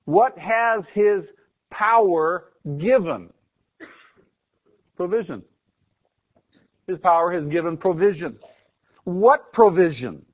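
High-voiced male pastor on a tinny line. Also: animated, takes it slowly, pauses often. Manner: asks the congregation questions and repeats key words for emphasis. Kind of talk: sermon. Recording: phone-like narrow sound.

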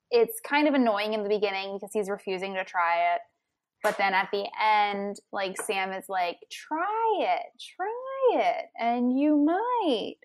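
A young woman co-hosting a podcast, chatting playfully with quick laughs. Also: medium pitch. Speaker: podcast co-host. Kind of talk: casual chat.

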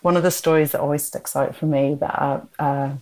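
Low-voiced woman telling faith stories. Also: brisk, rough recording. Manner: lively, self-deprecating storyteller. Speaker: prison ministry leader. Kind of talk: storytelling in a podcast interview.

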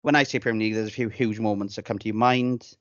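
Chatty, sweary podcast host. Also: male voice, lowish voice, steady tone, fast talker, no echo, highs cut off. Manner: chatty, swears freely, tells anecdotes with relish. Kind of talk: casual podcast banter.

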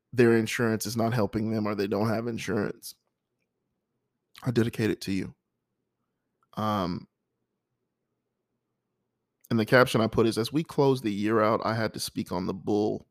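A man, a father, reading his own poems and talking through painful holiday memories in a halting, heartfelt way with sighs and restarts. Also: fairly low pitch, a little mellow, dry recording, clean studio sound. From United States. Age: adult, a father. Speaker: poet sharing his poems. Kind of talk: emotional spoken-word reading and personal reflection.

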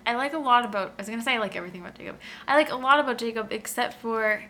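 A woman's voice: on the high side, rapid-fire, slight background noise. A woman co-hosting a casual podcast who jokes and laughs a lot while chatting about a book series. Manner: bright, joking, laughs often. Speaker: podcast co-host. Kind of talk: casual chat.

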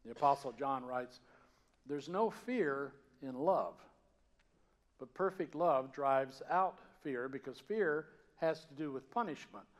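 Speaking slowly in a mid-range voice, a pastor preaches with the Southern accent he grew up with in the Georgia mountains. His sermon feels conversational and story-driven, alternating between loud and hushed moments.

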